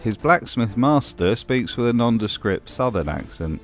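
A man's voice: medium pitch, lively intonation, moderate pace. A man from Britain reading scripted commentary, with wry and mocking asides. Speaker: video essay host.

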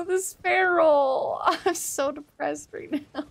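A young woman streaming a video game, reacting with loud yelps, swearing and laughter, and joking at her own expense to her chat. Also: extremely high pitch, fairly even intonation, drawn-out words, gravelly, pauses often. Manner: talks to chat, self-mocking. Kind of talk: live gameplay commentary.

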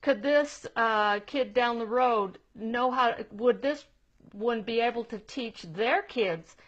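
A woman's voice: fairly high pitch, slow pace. A woman giving a chatty, casual lesson on a live stream and checking in with her viewers, on dull lo-fi audio.

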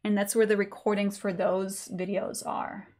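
A woman's voice: medium pitch, flat delivery, moderate pace, darkish tone. A woman teaching a live online sketching lesson in a chatty, informal way with many fillers. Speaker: art teacher.

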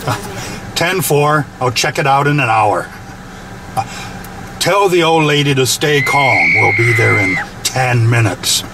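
A brisk male officer answers a radio call in a routine way, as an actor plays him. His pitch is middling, and clear background noise runs under this film clip. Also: lively intonation.

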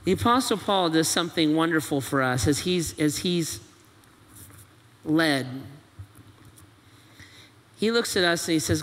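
Male pastor, high bright voice, questioning sermon delivery, church-hall reverb. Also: a little slow. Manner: preaching with rhetorical questions and quoted voices, animated. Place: church auditorium.

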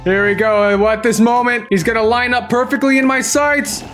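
A young man with a high, bright-sounding voice narrates his Minecraft gameplay for a gaming channel. He is excitable and playful, taunting enemies in a kid-friendly way. Faint music plays behind him. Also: moderate pace.

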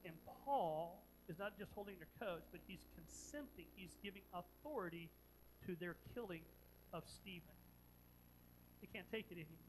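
Background noise surrounds a pastor speaking at medium pitch and moderate pace, who dramatizes a story in his sermon through repeated phrases, moving from loud emphasis to hushed, earnest questioning.

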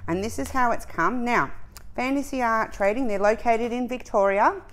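An excitable, chatty woman hosting a casual home unboxing vlog, talking to her viewers at a camera set up a little away. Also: on the high side, moderate pace, poor audio. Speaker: craft channel host.

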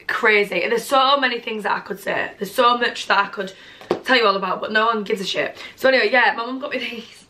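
A woman, gushing excitedly through a casual gift haul at home and swearing freely. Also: on the high side, fairly quick, a little hiss or hum. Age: 20s. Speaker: vlogger.

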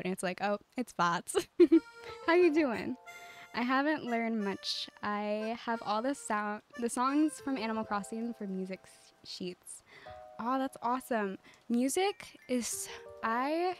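Streaming a life-sim game, a woman chats with viewers in a calm, cozy way, giggling often and using plenty of fillers. Her voice is a little high, with faint game music in the background.

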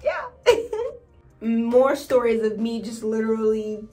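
A young woman from New York telling stories in a casual vlog, chatty and animated, acting out quotes in high squeals. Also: takes it slowly, faint music behind. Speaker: vlogger.

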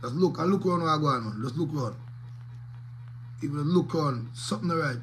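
A man with a Jamaican accent rambles on in patois, cursing freely as he gives his take. His voice sits a bit high for a man and rings bright and forceful. Faint noise hums behind him. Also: quick pace, poor audio. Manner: rambling patois talk peppered with curses. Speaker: DJ and vlogger. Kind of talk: casual commentary to camera.

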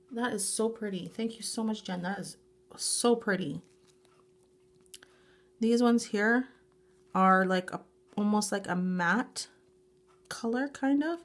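A woman filming a casual unboxing vlog, gushing with excited exclamations over each item and thanking the sender. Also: mid-range voice. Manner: slow, drawn-out delivery. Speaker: YouTuber unboxing a grab bag.

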